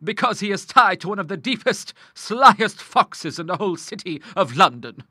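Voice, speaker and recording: A man's voice: high-pitched, very animated, moderate pace, pushed and bright, breathy edge, no room sound, clean studio sound, pitched above the performer's own voice, heavily acted. A man reading an audiobook, voicing a stern, grim middle-aged woman who speaks severely and with scornful emphasis. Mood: vehement.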